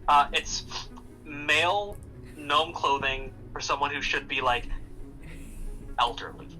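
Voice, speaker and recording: Bright-voiced eager tabletop player. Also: mid-range voice, slow pace, soft background music, poor audio. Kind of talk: casual chat in a tabletop game.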